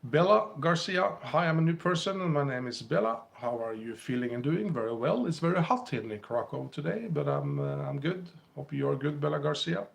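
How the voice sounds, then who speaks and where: A man's voice: fairly high pitch, lively intonation, normal speed, gravelly, hardly any pauses. A man hosting a casual livestream, musing hesitantly and reading viewers' chat messages aloud. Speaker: livestream host. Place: indoors, Krakow.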